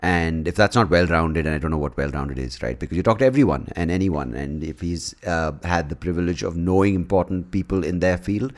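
A man with a slightly low voice rambles through a solo podcast episode, talking casually and swearing often. He jumps between thoughts with plenty of restarts and an animated, offhand delivery. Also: brisk, few pauses. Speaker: podcast host.

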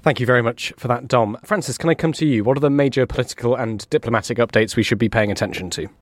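A British man hosting a news podcast, briskly thanking and handing over to co-presenters. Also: medium pitch, no room sound, studio quality. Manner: brisk, hands over to guests. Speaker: podcast host.

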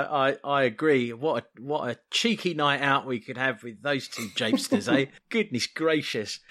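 A man's voice: mid-range voice, a bit bright. A man hosting a podcast, talking in an exuberant, theatrical way with lots of laughter over a remote call. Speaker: podcast host. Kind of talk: casual chat. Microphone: remote call recording.

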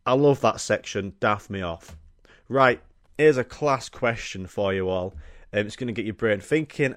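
A young man hosting his comedy podcast, talking excitedly, swearing freely and laughing at his own jokes. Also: fairly low pitch, no room sound, studio quality. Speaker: podcast host. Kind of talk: casual comedic monologue.

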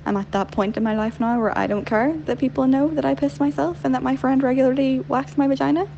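A young woman with a softened Northern Irish accent leaving a chatty, giggly voicemail story for a podcast. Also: high-pitched, steady tone, fast, vocal fry, highs cut off, slight background noise. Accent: Northern Irish, softened by London. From Northern Ireland. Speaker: caller.

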